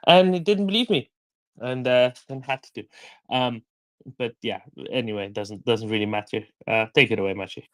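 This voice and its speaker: Wry mid-pitched man in a casual chat. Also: moderate pace. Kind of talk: casual chat on a live audio room.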